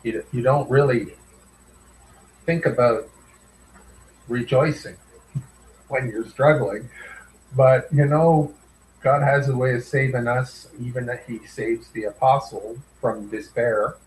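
A man thinking aloud in a group Bible discussion, halting and searching for words with many restarts. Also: mid-range voice, fairly even intonation, echoey room, a little hiss or hum, poor audio. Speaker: Bible study participant.

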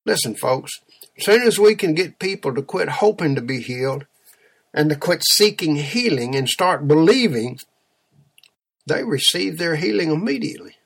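A man's voice: on the high side, animated, moderate pace, gravelly, a bit bright, husky. A man preaching a sermon, telling a story in an emphatic, exhorting way.

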